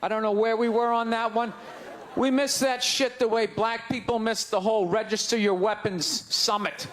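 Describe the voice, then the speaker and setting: A man doing stand-up comedy, ranting loudly and incredulously, shouting his punchlines to an audience on stage with a handheld mic. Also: sits high, fairly even intonation, normal speed. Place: large comedy venue on stage. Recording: live show with crowd laughter and noise. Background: audience laughing and groaning.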